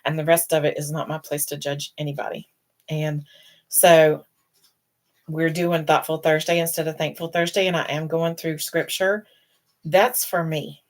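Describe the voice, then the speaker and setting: A middle-aged woman hosting a casual live stream, talking in a rambling, emotional way and fighting back tears. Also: low-pitched. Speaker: host.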